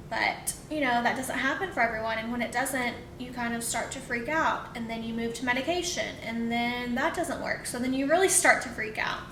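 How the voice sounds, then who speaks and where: A woman's voice: brisk, hardly any pauses. A young woman, a vlogger, casually telling a personal story in a rambling, emotional way with many fillers. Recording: roomy echo, faint rumble.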